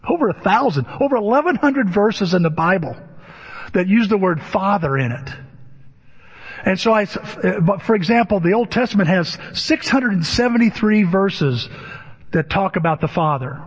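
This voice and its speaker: High-voiced male preacher in a reverberant hall. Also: lively intonation, moderate pace, breathy edge. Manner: emphatic preaching with rhetorical questions. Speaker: pastor. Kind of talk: sermon. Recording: dull lo-fi with long hall reverb.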